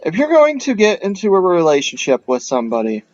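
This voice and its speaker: A man's voice: high-pitched, wildly swooping pitch, a little fast, a little mellow, no echo. A man co-hosting a podcast, chatting casually and cracking jokes. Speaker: podcast co-host. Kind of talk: casual chat. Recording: slightly dull, dry sound.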